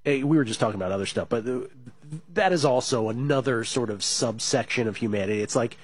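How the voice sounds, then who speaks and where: A man hosting a sports betting radio show, talking fast and animated, reading listener messages aloud in a studio. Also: medium pitch, slightly rough. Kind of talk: casual radio talk.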